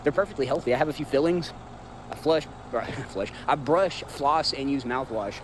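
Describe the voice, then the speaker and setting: Animated and moderately paced, this Southern-accented man in his 30s delivers a casual, rambling livestream rant. He speaks in a medium pitch, cursing and blunt, addressing his chat directly over background noise.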